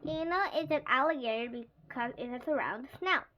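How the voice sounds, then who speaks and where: A woman's voice: sits high, normal speed, pushed and bright. A woman reading aloud, voicing a confident little boy presenting eagerly to his class. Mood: proud. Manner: eager, show-and-tell presenting.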